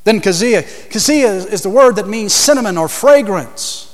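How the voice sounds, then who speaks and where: Guy preaching, high voice swinging up and down, keeps asking the room questions, long church reverb. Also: lively intonation, normal speed. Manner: emphatic, asks the congregation questions, repeats key points. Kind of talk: sermon.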